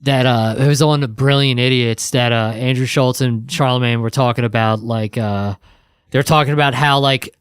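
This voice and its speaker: A man co-hosts a podcast in laid-back, casual chat, swearing offhandedly. His mid-range voice is clean and steady, and he talks at a normal speed. The recording is dry, with clean studio sound.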